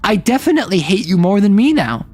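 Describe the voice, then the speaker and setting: A man voicing a chill but deeply resentful creature, speaking slowly in a flat deadpan.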